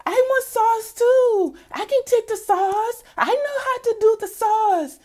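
Brief: a woman putting on a shrill entitled woman pleading for her share, pitched way up. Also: slow, a little mellow. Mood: whiny.

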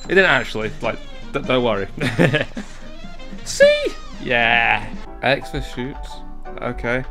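A young man commentating a video game, excitable and jokey, yelling and swearing at it and talking himself down between fits. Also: medium pitch, slow pace, gravelly, faint music behind. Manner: talks to himself, jokey asides. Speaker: gaming YouTuber. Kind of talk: let's play commentary.

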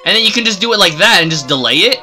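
A man's voice: sits high, lively intonation, rapid-fire, pushed and bright, faint music behind. A man streaming a video game live, giving profane, exasperated running commentary as he plays.

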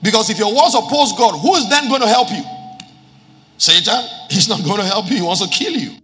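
A man's voice: high voice, animated, brisk, bright, forceful tone. A man preaching a sermon as pastor, quoting scripture and repeating key lines for emphasis. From Nigeria. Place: church hall with live congregation. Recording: reverberant church hall with music.

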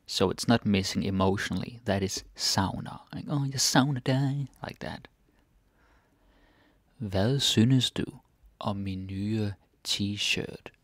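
Slow, gravelly man teaching vocabulary. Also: on the low side, no echo, clean studio sound. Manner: relaxed, repeats words slowly, drops to murmured asides. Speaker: Danish language teacher. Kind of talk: casual vocabulary lesson.

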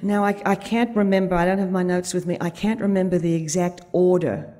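On a conference stage before an audience, a woman gives a storytelling talk, recounting a vivid anecdote and quoting its dialogue. Her voice is fairly low, warm, and steady, and she speaks briskly.

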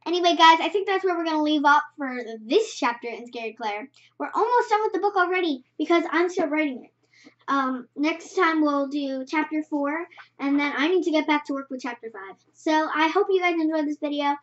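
A young female vlogger reads her own story aloud in a chatty, animated way and fixes her slips as she goes. Her voice sits very high. The recording is dull and muffled. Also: fairly quick. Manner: chatty, animated reading with self-corrections. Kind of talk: casual story reading.

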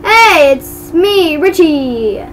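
A woman's voice: very high-pitched, animated, very slow, fairly bright tone, slight background noise, heavily acted. A woman reading the lines of a cheerful, officious male school hall guard from a game. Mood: chirpy.

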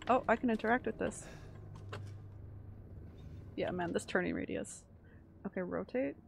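A woman's voice: mid-range voice, gravelly. A woman streaming a horror game live, jumpy and reacting aloud while she chats with viewers. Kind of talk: live gameplay commentary. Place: home room.

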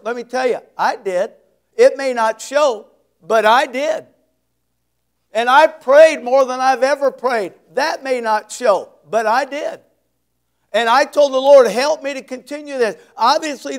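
A male pastor preaching an expository sermon, reading scripture slowly with heavy emphasis and dropping folksy asides. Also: extremely high pitch.

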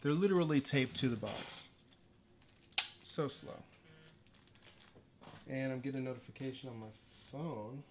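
A man's voice: medium pitch, a little slow, pauses often, background noise. Rambling man livestreaming a PC build. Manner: rambling, self-deprecating, easily distracted. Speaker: livestreaming artist. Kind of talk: casual livestream chat while building a PC.

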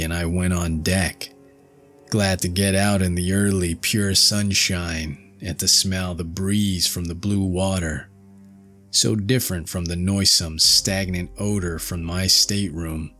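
A man narrating a ghost story in measured, unhurried first person. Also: sits low, a bit bright. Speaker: audiobook narrator.

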